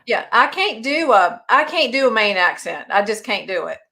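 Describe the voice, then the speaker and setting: A woman guest on a casual chat show, telling family stories in an animated way and laughing often. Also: on the high side, normal speed, gravelly.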